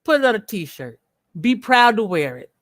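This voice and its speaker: Woman, livestream host, blunt, profane, ranting, emphatic slow stresses, dry close sound. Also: mid-range voice, sing-song, no room sound. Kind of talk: unscripted livestream commentary.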